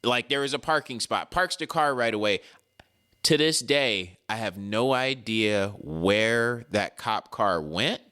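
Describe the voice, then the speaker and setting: Animated storytelling man, bright clear voice. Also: mid-range voice, measured pace. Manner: drawling, animated storyteller acting out quotes. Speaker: podcast co-host. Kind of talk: casual storytelling chat.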